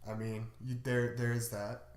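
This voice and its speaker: A man co-hosting a podcast in a casual, rambling way, hedging his points with plenty of fillers. His voice sits at an ordinary middle pitch. The recording carries a noticeable room echo. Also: flat delivery, normal speed, darkish tone. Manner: laid-back, hedging with fillers. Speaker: podcast co-host. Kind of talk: casual chat. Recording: roomy echo.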